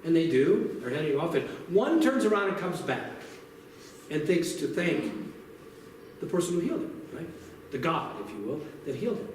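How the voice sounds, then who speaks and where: Animated male pastor in an echoey church. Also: fairly high pitch, normal speed, far from the mic, a little hiss or hum. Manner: animated, conversational, asks the congregation questions. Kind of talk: sermon. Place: church sanctuary. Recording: very echoey church recorded from afar.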